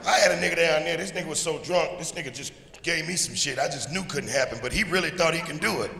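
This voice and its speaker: A stand-up comedian from Chicago, delivering a loud, profane, punchy routine in front of a live audience. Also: male voice, on the high side, fast, creaky. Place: large live venue with audience. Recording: echoey hall with audience noise.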